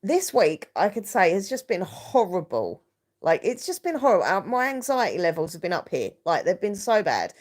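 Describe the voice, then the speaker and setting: A woman's voice: mid-range voice, big pitch swings, moderate pace. A woman in her thirties, hosting a casual live stream, chatting in a rambling way with many fillers and restarts while reading out viewer comments.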